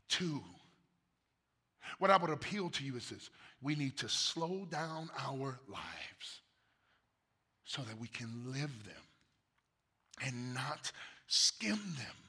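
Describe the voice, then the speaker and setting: Emotional pastor with a bright husky voice. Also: male voice, medium pitch. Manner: emotional, swings from soft murmurs to loud emphatic bursts. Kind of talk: sermon. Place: church sanctuary.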